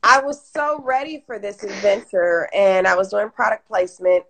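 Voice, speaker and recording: Speaking at a moderate pace in a mid-range voice, a woman from Detroit, Michigan shares her story as an interview show guest. She's casual and animated, performing what others said, and the audio comes from an IG Live stream.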